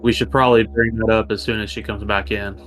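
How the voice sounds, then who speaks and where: Calm low-voiced man playing a tabletop game. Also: faint music behind. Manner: calm, deliberate. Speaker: player.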